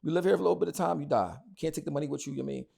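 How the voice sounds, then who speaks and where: A man's voice: fairly high pitch, rapid-fire, gravelly, mellow. A man, talking bluntly and heatedly as an interview guest, often repeating words as he goes. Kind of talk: casual interview talk.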